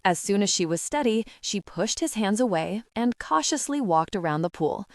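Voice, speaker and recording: A woman narrating a romance audiobook with a steady, expressive reading. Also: medium pitch, moderate pace, hardly any pauses, dry recording, studio quality.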